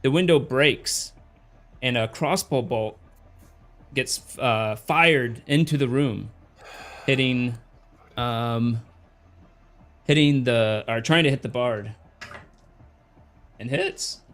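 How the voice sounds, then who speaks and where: A man from Canada narrating a tabletop game as dungeon master, halting with fillers. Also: mid-range voice, a bit bright. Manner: slow, halting narration with many fillers and laughs.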